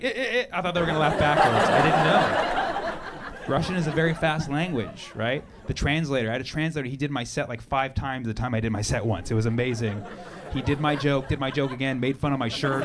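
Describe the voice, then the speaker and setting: A man performing a stand-up comedy set on a club stage into a handheld mic, deadpan with sudden loud punchlines. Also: medium pitch, quick pace. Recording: noisy live club recording with crowd laughter.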